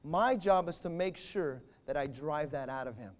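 A man preaching a sermon to fathers, emphatic, with sudden swings between loud declarations and quiet asides. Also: fairly high pitch, expressive, normal speed.

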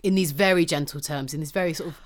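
A woman's voice: low voice, fast. Passionate, sweary woman co-host. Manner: swears freely, passionate and animated. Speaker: podcast co-host. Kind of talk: heated casual conversation.

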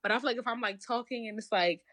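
A young woman with a Baltimore accent, co-hosting a casual chat, talking in an animated, blunt and profane way. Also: a little high, fast, no echo, studio quality. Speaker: podcast co-host.

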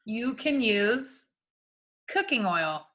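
A woman co-hosting a podcast in casual chat, talkative and quick to laugh, swearing offhandedly. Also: a little high, very animated, sharp tone. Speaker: podcast co-host.

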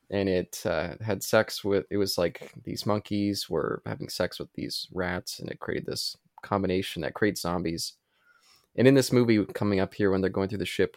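A man's voice: fairly low pitch, no echo, studio quality. A man co-hosting a casual movie commentary, eagerly explaining film trivia. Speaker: podcast co-host.

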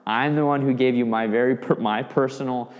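A man's voice: mid-range voice, steady tone, fairly quick, narrow, tinny audio, lightly acted. A man voicing a self-serving king who bargains for a share of glory, in a reverberant hall. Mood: persuasive.

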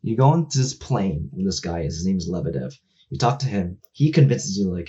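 A man in casual chat with a low, husky voice, rambling and swearing through many fillers. He acts out the characters' lines as he retells a story. The sound is dull and lo-fi. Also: fairly quick. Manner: gets loud and excited when making a point.

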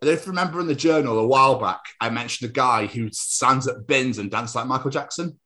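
A man's voice: mid-range voice, fairly quick, sharp tone. A man co-hosting a podcast in casual chat, rambling through funny stories and laughing often. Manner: rambling storyteller, laughs often, does silly voices. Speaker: podcast co-host.

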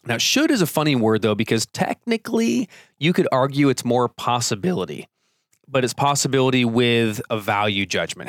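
A man's voice: medium pitch, expressive, normal speed, fairly bright tone, no room sound, studio quality. A man hosting a solo podcast, explaining ideas in a loose, conversational way and acting out quoted phrases with big jumps in his voice. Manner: conversational, many fillers and asides. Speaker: podcast host. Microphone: close studio microphone.

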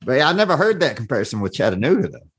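A man from Arkansas hosting a podcast, asking easygoing, halting questions in casual interview chat. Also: medium pitch, sing-song, slightly rough. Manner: easygoing, laughs along, halting with fillers. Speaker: podcast host.

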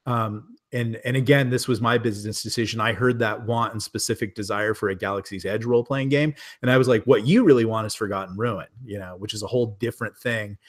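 A man's voice: fairly low pitch, fairly even intonation, fast talker, few pauses. A man on a podcast as a guest publisher, chatting casually and rambling with lots of fillers and restarts over a remote call. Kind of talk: casual chat.

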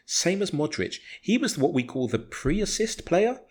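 A man's voice: on the high side, sing-song, unhurried, a little mellow. A man co-hosting a football podcast, talking with passion, arguing his point hard and swearing freely. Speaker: podcast co-host. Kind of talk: casual football podcast chat.

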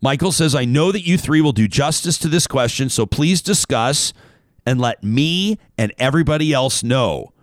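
A man's voice: mid-range voice, animated, normal speed, no room sound, clean studio sound. A man hosting a casual talk show, reading out a listener email and wandering off on tangents.

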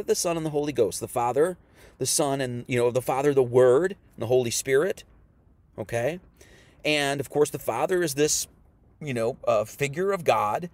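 Rambling preacher man, slightly high voice. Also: a little mellow, dry recording. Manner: rambling, repeats himself, reads scripture aloud. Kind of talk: online sermon lesson.

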